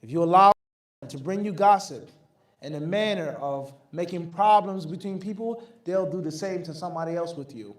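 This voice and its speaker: Male scholar fielding questions, firm and emphatic, higher voice, recorded at a distance. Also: normal speed. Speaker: Islamic scholar answering questions. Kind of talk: lecture Q&A. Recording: echoey room, mic at a distance.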